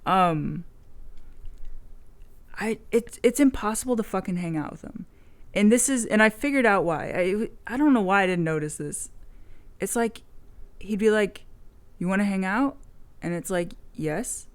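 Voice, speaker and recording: A woman's voice: medium pitch, lively intonation, normal speed, pauses often. A woman video blogger in casual chat, telling a rambling story frankly and swearing freely.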